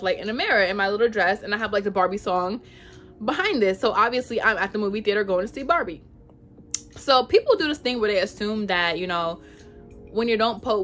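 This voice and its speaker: A young woman vlogger telling a storytime in casual, animated chat, full of "like". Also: mid-range voice. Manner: chatty, animated, says "like" a lot.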